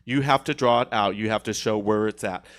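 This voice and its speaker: A man's voice: fairly low pitch, brisk. A man as a guest on a podcast, telling a long, indignant story in casual studio chat, with many restarts.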